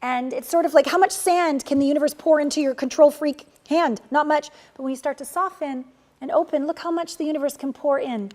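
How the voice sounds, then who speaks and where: A woman coach teaching a course lesson, blunt and casual, swinging between emphatic loud pushes and soft, tender passages. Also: sits high, brisk. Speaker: relationship and manifestation coach.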